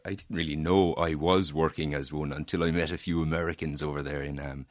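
A man in his twenties with an Irish accent and a very deep voice, chatting as a guest on a radio show and rambling through a travel story. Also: steady tone, brisk, dry recording, studio quality. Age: 20s. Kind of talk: casual radio interview.

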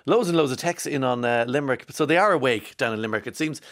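Fast-talking Irish man hosting radio. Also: medium pitch, animated, a bit bright. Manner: chatty, wry asides, reads texts aloud. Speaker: radio show host. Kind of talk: casual radio chat reading listener texts.

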